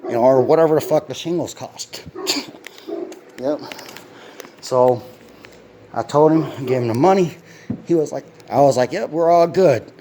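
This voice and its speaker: Outside his house, a young homeowner rants into a handheld phone video, angry and profane, using blunt slang with an irritable edge from constant pain. His mid-range voice is warm and unhurried, with frequent pauses, and there's slight background noise.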